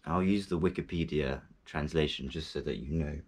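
A man talking casually to camera about a poem, halting often with fillers and restarts, and reciting it in French with an English speaker's accent. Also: a bass voice, a little mellow. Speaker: language learner reciting poetry.

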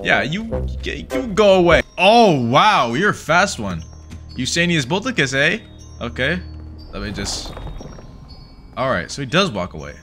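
Dude doing let's play commentary, fairly high voice, all over the place, excitable. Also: male voice, unhurried, soft background music. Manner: excitable, swings between mutters and yelps, mild minced swears. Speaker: gaming YouTuber.

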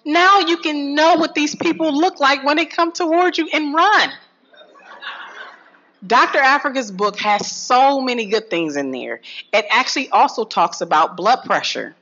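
A woman giving a lively health talk to an audience, swinging from low asides to loud calls. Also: measured pace. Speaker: health speaker addressing an audience. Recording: dull lo-fi sound.

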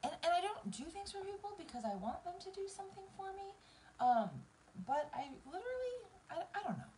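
A woman's voice: very high voice, sing-song, fairly quick, darkish tone, a little hiss or hum, poor audio. A woman in her thirties with a Southern American accent, chatting casually to viewers on a live stream while doing her makeup, emotional and close to tears. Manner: emotional, teary, talks straight to viewers. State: tearful, near crying.

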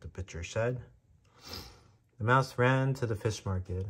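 A man narrating a children's storybook at a very slow, deliberate pace. His voice sits at an ordinary middle pitch for a man. He reads with clear, careful pauses. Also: a bit bright.

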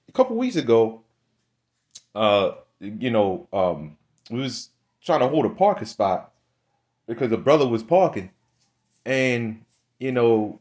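A man's voice: mid-range voice, big pitch swings, measured pace, pauses often, a little mellow. A young man preaching a blunt, fiery monologue, cursing often and tagging his lines with "man" and "right?". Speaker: religious speaker.

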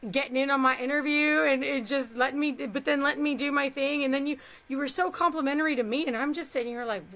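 A woman's voice: high voice, fairly even intonation, fast, a bit bright. A woman in her forties, a chatty and gushing interviewer in a casual interview.

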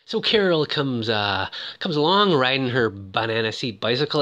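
Man, casual movie recap, lively up-and-down pitch, jokey asides. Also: a little fast, hardly any pauses. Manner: joking, animated asides with frequent "ooh". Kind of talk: casual commentary.

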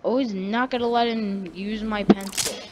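A man's voice: high-pitched, steady tone, normal speed, very noisy. A teenage boy telling a casual story-time tale, rambling and correcting himself often. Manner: rambling, full of fillers and self-corrections.

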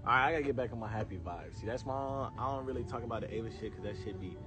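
A man's voice: medium pitch, rapid-fire, music in the background. A man on a livestream, drunk, rambling and swearing in casual chat. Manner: slurry, rambling, laughing and swearing.

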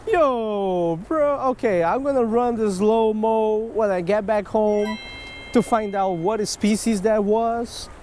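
Excitable man fishing a creek. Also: sits high, unhurried, a little hiss or hum. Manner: excitable, swings from hushed to yelling. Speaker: fishing vlogger. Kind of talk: casual outdoor fishing vlog. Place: outdoors by a creek.

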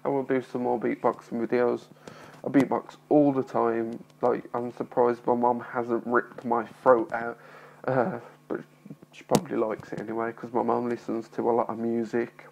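Nervous young man with a gravelly voice. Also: medium pitch, completely flat delivery, normal speed, a little mellow, slight background noise, rough recording. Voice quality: mild speech impediment. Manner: nervous, apologetic, rambling with many fillers. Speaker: vlogger. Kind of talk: casual talking-to-camera vlog. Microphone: phone.

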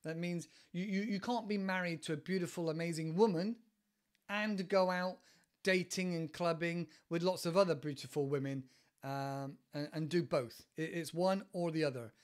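Man with a West Country English accent, podcast teacher, chatty, digressive, fairly high voice. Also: steady tone, moderate pace. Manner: chatty and digressive, laughs often, acts out examples. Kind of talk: casual podcast lesson explaining idioms.

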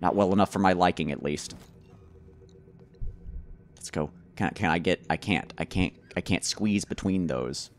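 A man giving let's play commentary on a horror game, rambling to himself with stammered restarts and sudden loud excited outbursts. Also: low-pitched, normal speed, long pauses, slight background noise. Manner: rambling nervous self-talk, repeated stammered restarts. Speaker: gamer playing a horror game.

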